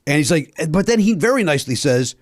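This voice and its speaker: A man's voice: fairly high pitch, quick pace, no room sound, clean studio sound. A man hosting a podcast, telling a story in casual chat, acting out the dialogue and swearing. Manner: animated, acts out quoted dialogue, swears. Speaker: podcast host.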